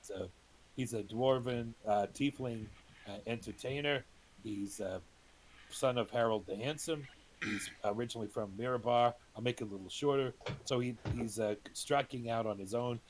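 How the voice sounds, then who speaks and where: A man's voice: mid-range voice, moderate pace, slight background noise. A middle-aged man playing in a tabletop game, joking around and then introducing his character with some hesitation. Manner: joking, hesitant, with many ums. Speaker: player. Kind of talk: casual chat and character introduction.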